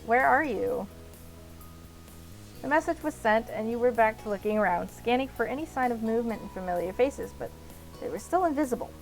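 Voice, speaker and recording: A woman's voice: fairly high pitch, expressive, fast, darkish tone, soft background music, rough recording. A woman reading a visual novel aloud as a let's play narrator, in the second person.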